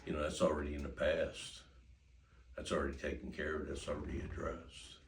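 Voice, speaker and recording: A man's voice: extremely low pitch, little pitch movement, fairly quick, background noise. A man giving casual, folksy, rambling dog-training advice, chuckling often. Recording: roomy, distant mic, faint ambience.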